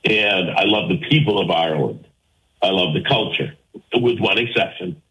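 A man's voice: low-pitched, expressive, normal speed, fairly bright tone, rough recording. A man hosting a call-in radio show, arguing his point emphatically and firing rhetorical questions at his listeners. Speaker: talk radio host.

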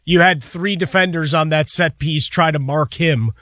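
A man's voice: fairly high pitch, normal speed, fairly bright tone, dry recording. Dry-witted male co-host. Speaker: sports show co-host. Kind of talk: casual sports talk.

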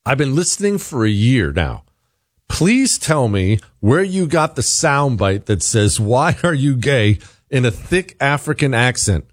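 Combative talk radio man, lively pitch. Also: no room sound, studio quality. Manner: combative, rhetorical questions, emphatic. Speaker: radio talk show host. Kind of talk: opinionated talk radio monologue and host-read ad.

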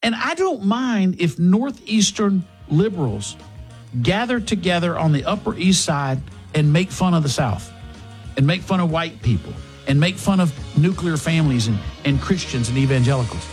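A man's voice: a little high, expressive, moderate pace, a little mellow, faint music behind. A man hosting a talk radio show, delivering an emphatic, sarcastic monologue and a live sponsor read. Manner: emphatic, sarcastic, rising to indignant peaks.

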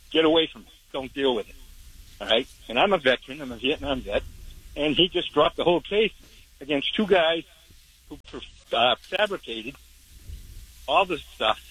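A man's voice: fairly high pitch, a bit bright, slightly rough, no room sound, rough recording. A man in his seventies, a veteran, calling in to a radio show with a blunt, aggrieved complaint. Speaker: caller, veteran. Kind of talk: call-in radio talk.

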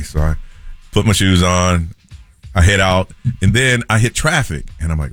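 A man, a morning radio host telling a story in an animated way and acting out the people in it. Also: low-pitched, normal speed, no echo, faint music behind. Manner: animated storyteller, acts out quoted voices.

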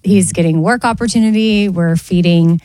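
A woman co-hosting a casual chat, relaxed and teasing, laughing easily. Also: on the low side, normal speed, rough recording. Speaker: co-host.

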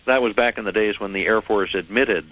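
Man, radio guest, low voice, measured explanatory delivery, radio sound. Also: a bit bright, rough recording. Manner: measured, articulate, explanatory, precise. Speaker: radio guest, head of a UFO reporting center. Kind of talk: phone-in radio interview.

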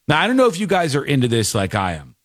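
A man's voice: mid-range voice, fast, dry recording. A man hosting a casual talk show, telling stories animatedly and acting out the people he quotes. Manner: animated storyteller, acts out quotes. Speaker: podcast host. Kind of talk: casual chat.

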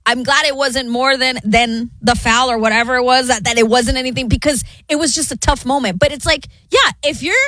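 A woman's voice: sits high, brisk, few pauses, pushed and bright, dry recording. A woman co-hosting a sports radio show, chatting casually and teasing her partner.

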